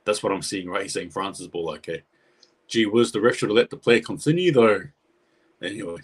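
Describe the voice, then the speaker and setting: A man with a somewhat low voice calls a rugby league match live for his viewers. He talks casually and chattily, and he gets excitable as the play unfolds. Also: a little fast, husky. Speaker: live reaction host. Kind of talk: live match reaction commentary.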